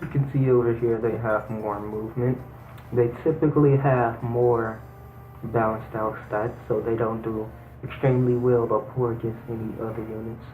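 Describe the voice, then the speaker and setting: Casual gameplay host doing hammy voices for the cast; dull, echoey home recording. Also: male voice, mid-range voice, flat delivery, moderate pace, soft background music. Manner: switches between hammy character voices and plain chatter. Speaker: let's play host voicing the game's characters. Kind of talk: casual gameplay commentary with acted dialogue readings.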